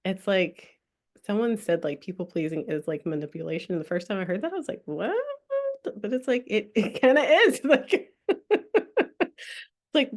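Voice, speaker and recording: A woman's voice: mid-range voice, lively intonation, moderate pace, pauses often. A young woman hosting a spiritual workshop, talking casually, laughing often and swearing freely as she leads a breathing exercise. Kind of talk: casual live workshop talk with guided breathing.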